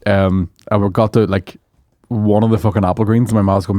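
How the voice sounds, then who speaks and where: A man's voice: on the low side, little pitch movement, fast talker, a little mellow, no room sound, studio quality. A man, a comedian guest telling rambling, sweary anecdotes in casual chat, laughing as he goes.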